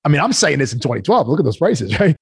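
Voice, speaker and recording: A man, a guest entrepreneur telling animated stories in a casual interview, acting out the voices of the people he quotes. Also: fairly high pitch, fast talker, gravelly, husky, dry recording, studio quality. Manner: animated storyteller, acts out quoted voices, frequent "right?".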